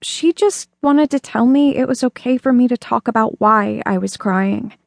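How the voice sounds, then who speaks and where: A woman voicing a shy little girl who speaks softly and gently for an audiobook. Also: a little high, normal speed, gravelly, no echo, studio quality. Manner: soft and gentle. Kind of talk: audiobook character voice.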